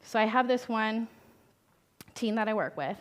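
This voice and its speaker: A woman's voice: on the high side, animated, moderate pace. A young woman, a therapist, giving a conversational talk to parents. She asks the audience questions and acts out the voices she quotes. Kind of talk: talk at a conference.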